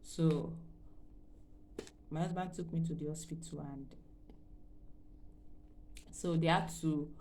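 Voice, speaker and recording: A woman's voice: deep voice, steady tone, slow pace, long pauses, dark tone, a little hiss or hum. Emotional woman recounting a pregnancy story. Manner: emotional, rambling with fillers and repeats. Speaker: vlogger. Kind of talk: personal storytelling.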